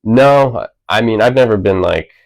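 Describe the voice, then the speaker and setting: A man's voice: fairly low pitch, expressive, a little slow, vocal fry, rough recording. A man in his thirties, an author talking casually at a library event, rambling with lots of filler words and restarts. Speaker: author guest. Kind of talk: casual conversation.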